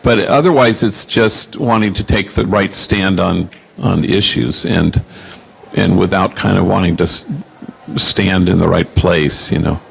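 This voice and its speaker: A man in his sixties with a lowish voice answers audience questions as a Jesuit priest. He tells stories slowly and reflectively, pausing with fillers as he searches for words. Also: gravelly, a bit bright, slightly rough. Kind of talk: Q&A storytelling.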